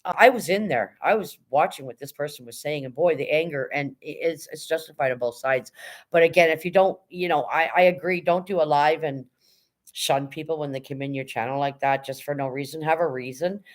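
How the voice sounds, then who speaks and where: A woman's voice: low voice, fairly quick. A middle-aged woman chatting casually on a livestream, greeting her chat and speaking bluntly. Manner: blunt, no-nonsense. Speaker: live streamer greeting chat.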